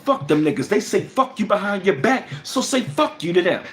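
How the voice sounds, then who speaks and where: A man's voice: big pitch swings, a little fast. Man ranting profanely on a livestream. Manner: angry, profane, repetitive, shifting between loud and low. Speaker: livestream host.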